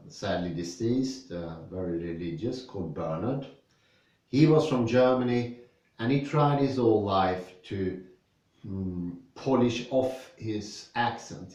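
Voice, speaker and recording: A Swedish-accented man talks through a philosophy text at a slow, unhurried pace, his voice low and mellow. He sits back from the microphone in a very echoey room, so every word rings around him. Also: recorded from a distance. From Sweden. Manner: slow, thoughtful, reads passages aloud then explains with personal stories. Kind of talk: reading and discussing philosophy.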